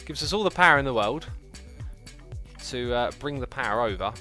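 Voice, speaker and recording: Animated, bright-voiced male streamer. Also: mid-range voice, brisk, faint music behind. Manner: rambling, chatty, lots of "like" and "uh"; excitable outbursts, playful and jokey. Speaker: livestream host playing a game. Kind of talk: casual gaming commentary.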